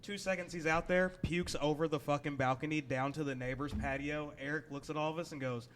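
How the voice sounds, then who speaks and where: A man's voice: fairly high pitch, fairly even intonation, fairly quick, background noise. A young man in a casual podcast chat, telling stories with emphasis.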